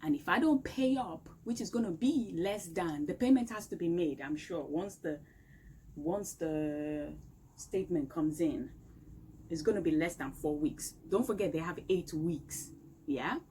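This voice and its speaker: Unhurried but exasperated, a woman delivers an emphatic complaint to camera from indoors at home. Her lowish voice has a dark tone, and the rough recording carries faint outdoor street noise.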